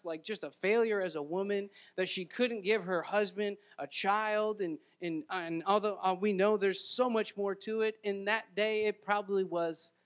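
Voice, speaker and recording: A man's voice: high-pitched, fairly bright tone. A man preaching a sermon as pastor, earnest and conversational, with frequent restarts and asides to the congregation.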